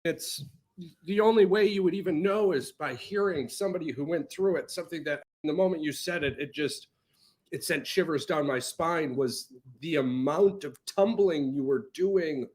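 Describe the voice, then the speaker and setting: A man's voice: a little high, normal speed, darkish tone. A man hosting a podcast in casual chat, reacting emphatically and swearing casually. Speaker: podcast host.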